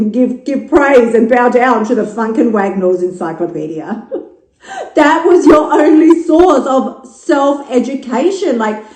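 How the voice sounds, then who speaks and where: On a poor-quality, roomy recording, a fairly high-pitched Australian woman in her fifties talks on her own podcast. Her casual monologue is frank and jokey, peppered with profanity and lively storytelling.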